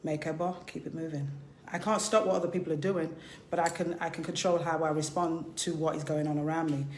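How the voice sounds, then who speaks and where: A woman's voice: deep voice, steady tone, a little fast, a little mellow, echoey room, slight background noise. A woman giving an informal spiritual talk as a priest and teacher, passionate and conversational, pressing her points with rhetorical questions.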